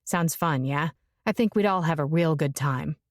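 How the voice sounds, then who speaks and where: A woman narrator voicing a sardonic, brooding grown man, pitching her voice lower with a mocking drawl. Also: normal speed, no room sound, studio quality.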